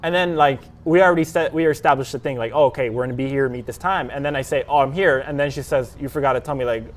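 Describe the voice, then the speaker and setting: A man, a DJ guest on a podcast, telling stories in relaxed casual chat and swearing easily. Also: mid-range voice, fast talker.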